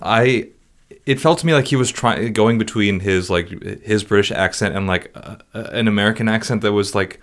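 Deep-ish guy on a movie podcast, dry humor, stops and restarts a lot. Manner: dry jokes, halting restarts. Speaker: podcast co-host. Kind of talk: casual chat recapping a film.

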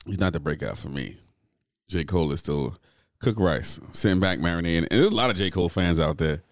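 A man's voice: low-pitched, lively intonation, fairly quick, no echo, clean studio sound. A man in casual chat, blunt and opinionated, swearing freely.

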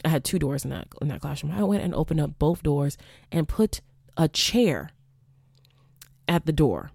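A woman's voice: low voice, moderate pace, vocal fry, slightly rough, no echo, studio quality. Candid, profane young woman telling a story. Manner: profane, animated, acts out quoted exchanges. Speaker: podcast host, former college teacher.

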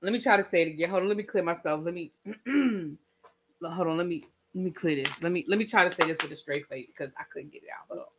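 A woman hosting a casual celebrity gossip podcast, talking in an animated, incredulous way with laughing asides. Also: fairly low pitch, fast, noisy background. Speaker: podcast host.

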